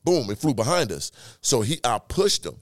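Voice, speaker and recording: A man telling a wild story as a podcast guest, animated and profane, acting out the scene with sound effects. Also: mid-range voice, moderate pace, slight background noise. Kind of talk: casual storytelling.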